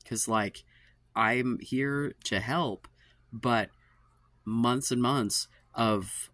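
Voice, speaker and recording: Slow and sharp in tone, a man with a mid-range voice speaks with no echo. As host of his own dating-advice channel, he vents to camera in a profane, exasperated way, sighing and letting sentences trail off, clearly tired and fed up.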